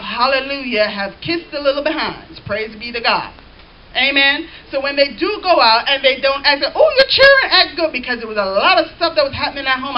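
A woman pastor preaching a sermon, reading scripture aloud and calling out to the congregation. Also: sits high. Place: church. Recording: dull lo-fi church recording with faint hiss.

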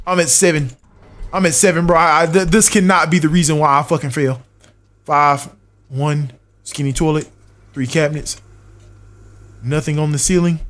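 A man's voice: on the high side, fairly even intonation, normal speed, long pauses, fairly bright tone. A young man streaming a horror game live, muttering checklists to himself, swearing and talking back to his chat. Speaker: gaming streamer.

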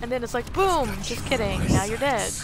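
A woman with a fairly high, very lively voice, chatting while she plays with friends. She is self-mocking and laughs easily. Game music plays clearly behind her. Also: normal speed. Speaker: gamer playing with friends. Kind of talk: casual gaming chat.

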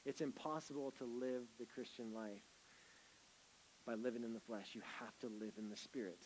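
A man preaching a sermon as pastor, swinging from loud, emphatic bursts to hushed, gentle lines. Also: medium pitch, steady tone, normal speed, a little hiss or hum, poor audio.

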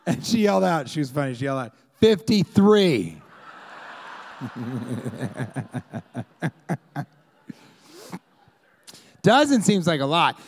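Holding a handheld mic on a comedy club stage in front of a live audience, a male stand-up from Colorado, US, rambles through his set. His somewhat high voice is gravelly. His pitch swings wildly as he shouts crowd-work bits and impersonates fans yelling at him.

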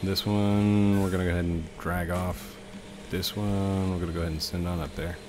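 A man's voice: sits low, monotone, rapid-fire, noisy background. A man in his thirties giving casual, rambling commentary as he plays a video game, chatting to the objects on screen. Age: 30s. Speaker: let's play host.

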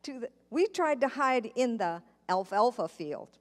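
A woman's voice: fairly high pitch, lively intonation, a little slow. A woman telling a story to children in church, speaking patiently and asking her listeners questions. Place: church sanctuary. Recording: church live stream with long hall reverb.

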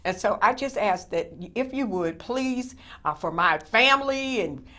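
A woman's voice: medium pitch, lively intonation, a little slow, pushed and bright. A woman who hosts a Christian network show, earnestly urging her past guests to give, with many hesitations. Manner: earnest pleading, with many "uh" fillers and affirmations. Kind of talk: telethon appeal.

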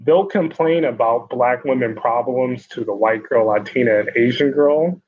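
A man who is a guest on a casual podcast chat, giving his opinions in a measured, matter-of-fact way. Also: medium pitch, darkish tone, slightly rough, muffled recording.

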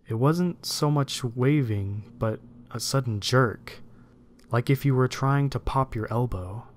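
Man narrating a horror story. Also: mid-range voice. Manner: steady, measured storytelling reading.

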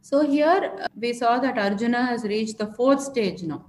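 A woman explaining a scripture word by word in a lecture, pausing often with fillers. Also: on the high side, expressive. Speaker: scripture teacher. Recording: echoey room with faint noise.

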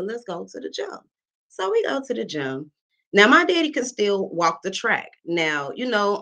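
A woman's voice: lowish voice, poor audio. A woman comedian, telling a story on stage, talking to the audience as y'all and acting out the people in it. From South Side of Chicago. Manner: animated, addresses the audience as y'all, acts out characters.

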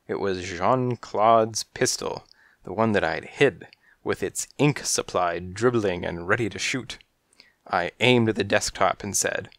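A man narrates a detective storybook in a deadpan, hard-boiled manner. His voice sits low and he takes his time. The sound is dry and close to the mic. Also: unhurried, no room sound. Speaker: audiobook narrator. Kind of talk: first-person detective narration.

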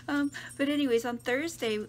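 A woman's voice: medium pitch, a bit bright, a little hiss or hum. A middle-aged woman chatting casually in her video diary, upbeat, sometimes dropping to a whisper for asides. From Canada. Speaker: vlogger.

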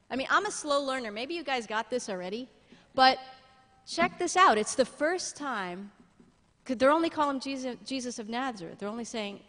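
A middle-aged woman pastor preaching a sermon in an animated way, often laughing and building to loud emphatic peaks. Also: high voice, normal speed. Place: church sanctuary. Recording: long church-hall reverb.

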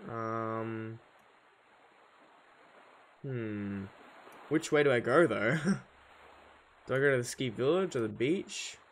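A man's voice: medium pitch, slight background noise. Chatty man thinking aloud over a game. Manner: casual, thinks aloud, easily confused. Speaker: gaming channel host. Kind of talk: gameplay commentary.

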